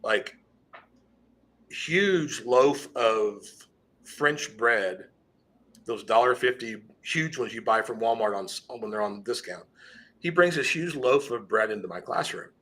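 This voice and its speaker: A man's voice: medium pitch, lively intonation, takes it slowly, a bit bright. A middle-aged man, a teacher, telling a personal classroom story in earnest, conversational podcast talk, often restarting and trailing off into asides.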